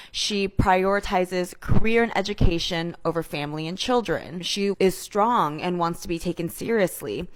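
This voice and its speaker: A woman vlogging in a casual, reflective way. Her voice sits fairly low, and her pitch moves about a lot as she speaks. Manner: chatty and reflective. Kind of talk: casual vlog commentary.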